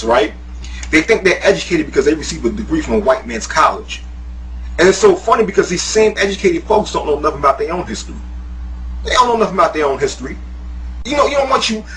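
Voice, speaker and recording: Heated, animated man ranting. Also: sits high, a little hiss or hum, poor audio. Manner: heated, swearing, mocking, laughing often. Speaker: YouTuber, guest. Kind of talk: profane ranting monologue.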